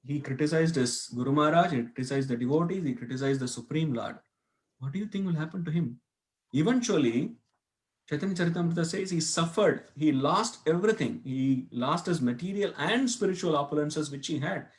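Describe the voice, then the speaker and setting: A man's voice: a little high, animated, brisk. Man giving a storytelling scripture class. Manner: storytelling with questions to listeners, acted quotes. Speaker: class speaker. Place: temple hall.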